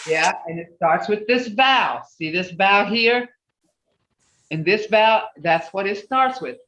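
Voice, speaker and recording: A language teacher leading a class over a video call, explaining step by step, patiently and slowly, and correcting mistakes out loud along the way. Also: medium pitch, lively intonation. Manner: self-correcting, with asides. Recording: roomy, distant, dull video call audio.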